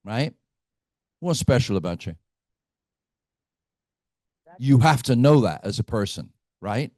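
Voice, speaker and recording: A man's voice: mid-range voice, animated, takes it slowly, dark tone, dry recording, studio quality. A middle-aged man leading a live team training in a meeting room, blunt and full of stories, often checking in with "right?".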